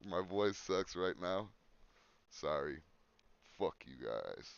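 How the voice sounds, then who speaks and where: A man's voice: deep voice, expressive, takes it slowly, creaky, smooth, lo-fi sound. A man hosting a podcast in casual chat, joking crudely and swearing. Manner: crude joking, breaks into silly put-on voices. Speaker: podcast host.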